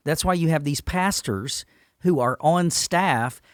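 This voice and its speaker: Earnest pastor, emphatic, dry sound. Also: male voice, a little high, slow, dry recording. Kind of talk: podcast discussion.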